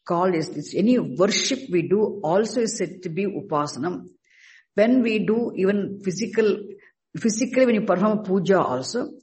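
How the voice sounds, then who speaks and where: High-voiced man teaching scripture, halting. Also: darkish tone, low-quality recording. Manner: halting, restarts words, slow emphatic stresses. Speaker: Vedanta teacher. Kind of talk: spoken scripture class.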